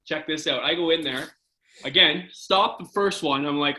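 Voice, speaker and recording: A man from Canada, a former hockey goalie, casually telling animated stories as a podcast guest. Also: on the high side, moderate pace, reverberant, rough recording. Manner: animated anecdote-telling, filler-heavy. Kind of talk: casual storytelling interview.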